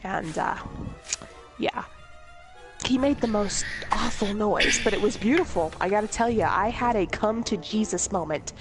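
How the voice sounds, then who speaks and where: A woman's voice: mid-range voice, moderate pace, over loud music. A woman telling comedic stories in a casual, rambling way, laughing often and swearing freely. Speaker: storyteller host.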